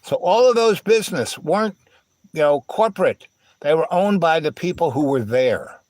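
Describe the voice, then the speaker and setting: Animated man telling street stories. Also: a little high, normal speed, no room sound. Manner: animated storyteller acting out quoted dialogue. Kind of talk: casual storytelling.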